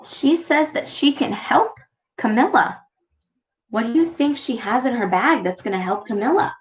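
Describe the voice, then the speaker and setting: A woman reading a picture book aloud to her child, gently pausing to ask questions about the pictures. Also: a little high, animated.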